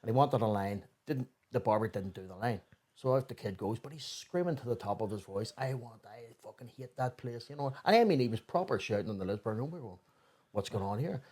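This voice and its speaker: A man with a Belfast accent, a barber and podcast guest, telling animated anecdotes and swearing freely. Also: lowish voice, fast, slightly rough. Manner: animated anecdotes, swears freely, quotes people in raised voices. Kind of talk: casual storytelling chat.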